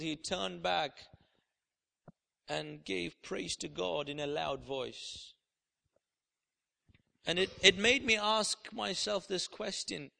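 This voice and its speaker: A man preaching a sermon with passion, going from quiet prayer to loud, fervent declarations. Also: sits high, gravelly. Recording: long hall reverb.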